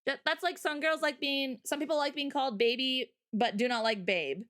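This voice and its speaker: A woman's voice: high-pitched, normal speed, a bit bright. A woman hosting a livestream, chatting casually and rambling through stories and viewer comments, often breaking into laughter. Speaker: livestream host.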